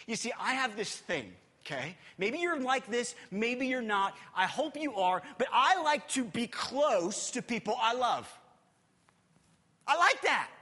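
A man preaching in a church, with a bright, husky voice that carries a long reverb through the hall. He talks emphatically and swings between loud passages and hushed ones, repeating words as he goes. His high pitch leaps around a great deal. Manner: repeats words while gathering his thoughts. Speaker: pastor. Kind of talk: sermon.

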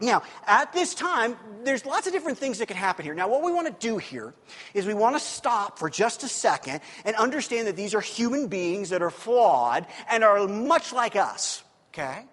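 Speaking at a moderate pace in a high voice, a man preaches a sermon in a lively, conversational way, repeatedly asking his listeners "okay?". The audio has a big-room sound.

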